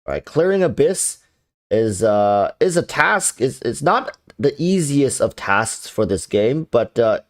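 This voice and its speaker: A male game streamer gives casual livestream commentary in a mid-range, very animated, unhurried voice that sounds congested and nasal from blocked sinuses. His delivery is loose and chatty, and he often restarts his sentences.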